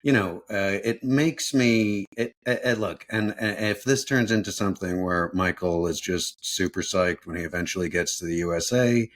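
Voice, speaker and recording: A man with a very low, deep voice talks in a relaxed podcast chat. He rambles and fills his pauses with ums and uhs as he works through his thoughts. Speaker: podcast guest. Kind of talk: casual chat.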